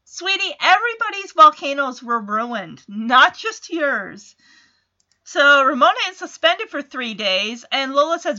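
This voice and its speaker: A woman's voice: high voice, very animated, measured pace, pushed and bright, muffled recording. A woman chatting through a casual episode recap, with amused asides.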